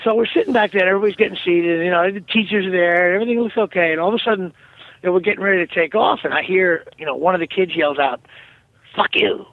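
A man's voice: high-pitched, quick pace, dry recording, narrow, tinny audio. A male comedian guest telling a comic story in a joking, self-mocking way, speaking from outdoors on his deck.

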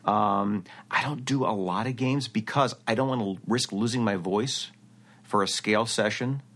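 A man's voice: lowish voice, normal speed. A man, a voice actor, chatting in an interview and acting out quotes as he tells stories. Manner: animated storyteller who acts out quotes. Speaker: voice actor guest. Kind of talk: casual interview chat.

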